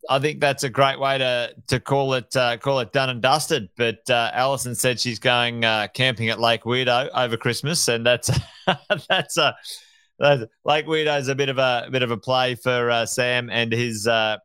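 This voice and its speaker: A man's voice: medium pitch, bright, forceful tone, smooth, no echo. A man co-hosting a podcast, chatting casually in a friendly, hesitant way with lots of fillers. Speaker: co-host.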